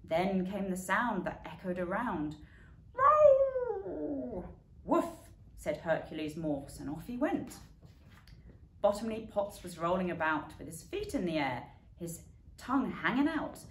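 A woman reading a rhyming bedtime story aloud as a lively storyteller who yowls and barks the animal sounds. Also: lowish voice, moderate pace. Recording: echoey room with faint background noise.

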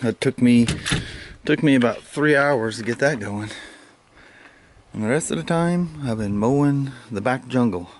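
A man vlogging casually about his day outdoors, rambling and laughing often as he gets excited. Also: mid-range voice, measured pace. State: out of breath. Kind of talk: casual vlog talk. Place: outdoors, yard and on a motorcycle. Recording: clear outdoor noise, vehicle sounds.

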